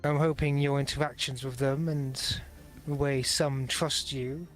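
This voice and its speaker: A man narrating as game master of a tabletop role-playing game, in a slow, measured way. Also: mid-range voice, fairly even intonation.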